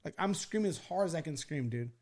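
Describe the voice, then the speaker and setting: A man hosting a podcast, telling a story in a casual, animated and profane way, acting out the people he quotes. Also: on the high side, fast talker. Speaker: podcast host.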